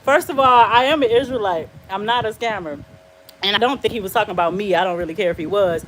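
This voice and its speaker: A woman's voice: medium pitch, quick pace, a bit bright, a little hiss or hum. A woman chatting casually on a live stream, blunt and defiant, laughing often and answering viewers' comments. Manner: talks back to viewers and comments.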